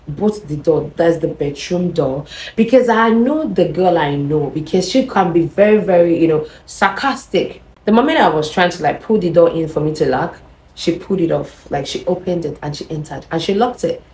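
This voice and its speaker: A young woman telling a personal story to camera in a chatty, animated way, repeating words and adding "you know" as she goes. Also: on the low side, moderate pace. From Nigeria. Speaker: vlogger. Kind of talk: casual storytelling. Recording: echoey room.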